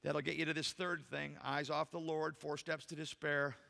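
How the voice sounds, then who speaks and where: A man's voice: a little high, little pitch movement, moderate pace, gravelly, pushed and bright, long reverb tail. A man preaching a sermon in a church, emphatic and full of rhetorical questions to the congregation. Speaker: pastor. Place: church sanctuary.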